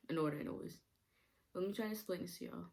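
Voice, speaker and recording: A woman's voice: fairly low pitch, moderate pace. A young woman vlogger rambling through a casual storytime, laughing often and using many fillers.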